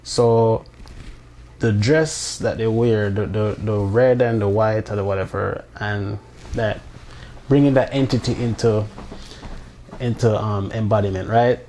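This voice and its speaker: A man's voice: lowish voice, fairly even intonation, a little slow, mellow, a little hiss or hum. A man in a casual, rambling monologue who swears, restarts often and drops incredulous asides. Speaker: vlogger.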